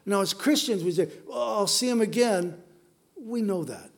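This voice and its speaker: A man's voice: high voice, expressive, normal speed, vocal fry. A middle-aged man preaching a sermon, telling the story with playful asides to the congregation. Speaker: pastor.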